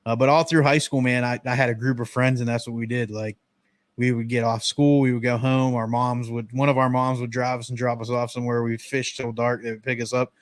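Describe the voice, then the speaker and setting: A man's voice: medium pitch, dry recording. A man in his thirties from the northern United States spins easygoing stories in a casual podcast chat. His voice sits in the middle of the male range. The recording is close and dry. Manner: relaxed storytelling, drawn-out memories. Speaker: podcast host.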